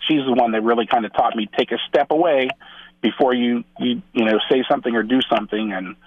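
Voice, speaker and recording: A man's voice: mid-range voice, fast talker, no room sound. A middle-aged man talks as a guest on a call-in radio show, his voice a little muffled and dull. He tells stories loosely and acts out what people said, restarting his sentences often. The sound is close and dry. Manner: storytelling, acts out quoted dialogue, many restarts. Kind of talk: casual radio interview talk.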